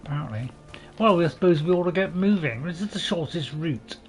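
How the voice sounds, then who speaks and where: A man's voice: fairly high pitch, lively intonation, brisk, a little hiss or hum. A man hosting a gaming channel, giving chatty, self-deprecating commentary with dry jokes and a lot of hesitation. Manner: hesitant, with many fillers and restarts. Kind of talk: gameplay commentary.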